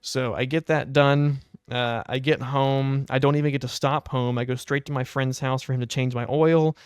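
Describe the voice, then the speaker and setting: A young man co-hosting a podcast, telling a long story in a casual, exasperated, animated way. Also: mid-range voice, moderate pace, smooth, dry recording, clean studio sound. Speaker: podcast co-host.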